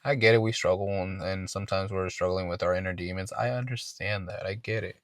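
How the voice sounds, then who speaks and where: Low-voiced man telling a rambling story. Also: steady tone, brisk, no room sound, clean studio sound. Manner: profane, rambling, restarts words. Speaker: podcast host. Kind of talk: casual storytelling.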